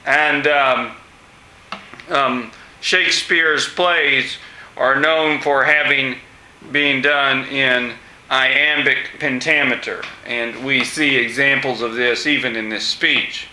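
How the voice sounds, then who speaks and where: A man teaching a class, asking students questions with many pauses and fillers. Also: mid-range voice, steady tone, pushed and bright, a little hiss or hum. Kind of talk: classroom discussion lesson. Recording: echoey room.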